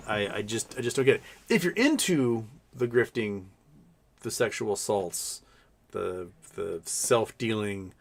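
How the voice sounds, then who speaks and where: A man hosting a live stream in casual, sarcastic commentary, rambling with frequent restarts and mocking put-on voices. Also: fairly low pitch.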